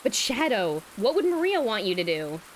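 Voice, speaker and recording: A woman's voice: medium pitch, very animated, normal speed, slight background noise, close to an everyday voice. A woman voicing a cocky, passionate hero hedgehog in a fanfiction reading. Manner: eager, passionate.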